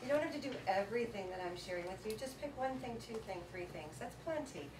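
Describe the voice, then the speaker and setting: A woman giving a motivational workshop talk to a live audience, telling stories in a lively, chatty way with frequent laughter. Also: mid-range voice, quick pace. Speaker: workshop presenter. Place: event room with a seated audience. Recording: echoey room, voice from far off, background noise.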